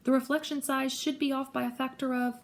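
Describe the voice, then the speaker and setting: A woman voicing a clever, bossy teenage girl who gives brisk, precise orders. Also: sits high, steady tone, pitched above the performer's own voice. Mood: urgent.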